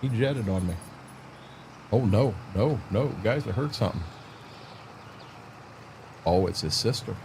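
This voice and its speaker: A man's voice: on the low side, expressive, measured pace, pauses often, a little mellow, slight background noise. A man chatting casually on a livestream while playing a farming game, rambling in a folksy way to his viewers and his dog.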